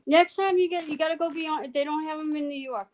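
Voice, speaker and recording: A woman with a Boston accent chatting casually with quick, friendly replies. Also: high-pitched. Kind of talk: casual chat.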